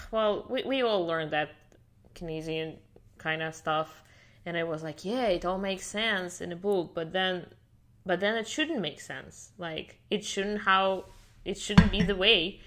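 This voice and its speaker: Speaking slowly in a fairly low, somewhat bright voice, a podcast guest from Miami relates her story in a relaxed, conversational way. English is a language she learned as an adult; she's fluent, though "like" crops up again and again.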